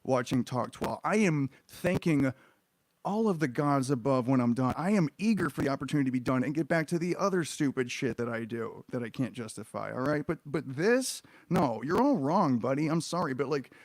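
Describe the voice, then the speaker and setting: A man's voice: medium pitch, no echo. A man streaming a reaction, ranting in an exasperated, sarcastic, profane way about what he watches.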